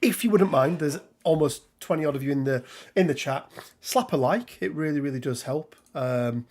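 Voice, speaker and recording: Sounding a little higher, expressive and slightly mellow at a moderate pace, this middle-aged English host rambles through a casual live stream. He keeps up the chatter by greeting viewers by name.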